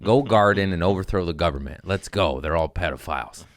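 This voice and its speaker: A comedian hosting a comedy podcast speaks in a low voice, a little fast, in a dry, studio-quality recording. He rambles through profane, jokey stories and keeps bursting into silly put-on voices.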